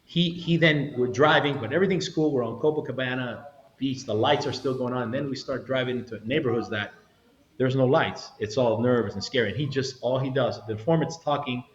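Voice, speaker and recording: In a roomy, slightly dull-sounding recording, a middle-aged former federal agent spins an animated story for an interviewer. He speaks briskly in a mid-range voice, performing the quoted lines and often starting his sentences over.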